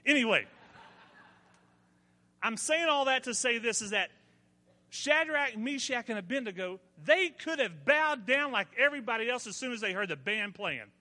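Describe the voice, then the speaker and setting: A man's voice: very high voice, lively intonation, moderate pace, sharp tone, big-room sound. A man, preaching a sermon as pastor, telling folksy stories and building to emphatic points. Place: church.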